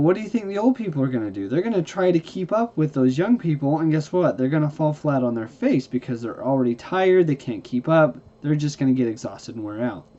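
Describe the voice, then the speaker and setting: A man's voice: medium pitch, mellow. A man teaching hybrid car battery care in a casual, folksy way, tired and yawning, often asking "okay?" and restarting his sentences. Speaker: hybrid car repair instructor. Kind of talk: casual explanatory lesson. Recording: slightly dull lo-fi recording.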